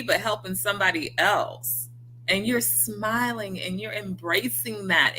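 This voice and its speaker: Casting: bright, vivid woman, warm livestream host giving motivational talk, faint hum behind. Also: mid-range voice, poor audio. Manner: earnest, encouraging, talks straight to viewers; acts out quoted inner voices.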